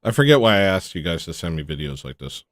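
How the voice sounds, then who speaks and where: A man's voice: low voice, sing-song, quick pace, no echo, clean studio sound. A man hosting a livestream, chatting casually in a rambling, sarcastic way and mocking what others say. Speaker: livestream host.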